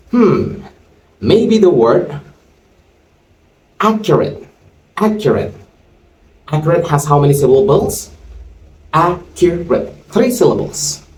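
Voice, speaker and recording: A man teaching an English grammar lesson, explaining slowly and spelling out word endings. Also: mid-range voice, a little mellow, far from the mic. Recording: roomy sound from off-mic.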